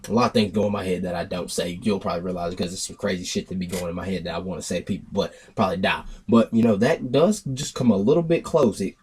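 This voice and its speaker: A young man spins a rambling storytime to his viewers. His voice sits low and mellow with a husky edge, and he slips into other people's lines as he goes. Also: fast talker, few pauses. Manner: rambling, animated retelling with acted-out quotes. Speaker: vlogger telling a story. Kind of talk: casual storytime monologue.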